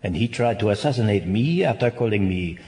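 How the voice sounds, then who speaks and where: A man's voice: on the low side, animated, fairly quick, warm tone, slight background noise. An actor playing a weary, sardonic nobleman damned to hell, in a classic stage-play delivery. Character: weary, ironic damned nobleman, male adult.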